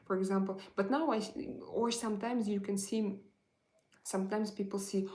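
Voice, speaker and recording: A middle-aged woman from Russia with a Russian accent, hosting a casual live chat, pausing often and searching for her words. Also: medium pitch, little pitch movement, warm tone, rough recording. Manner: halting, searching for words, many fillers. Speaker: livestream host.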